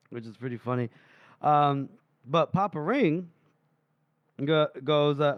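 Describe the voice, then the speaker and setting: A man's voice: fairly high pitch, unhurried, pauses often, clean tone, dry recording. A man co-hosting a book podcast, casually retelling chapter scenes and laughing often. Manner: paraphrases dialogue loosely, frequent laughs. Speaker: podcast co-host.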